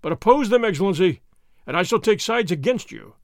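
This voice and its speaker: A man voicing a proud, commanding elderly nobleman who speaks forcefully. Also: sits high, sing-song, brisk, no echo, clean studio sound. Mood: stern.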